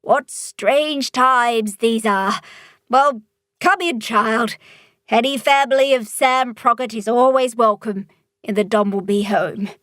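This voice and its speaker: Woman voicing a slow, guarded monster mother. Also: fairly high pitch, a bit bright, dry recording, studio quality. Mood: softening. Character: large shaggy mother monster, wary then kindly.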